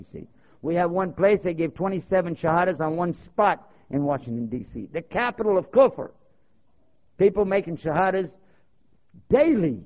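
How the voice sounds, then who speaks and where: Man preaching, kinda high voice, lively storytelling, muffled old tape sound. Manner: animated, rhetorical questions, acts out dialogue. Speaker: Muslim preacher. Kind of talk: sermon with storytelling. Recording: dull lo-fi tape.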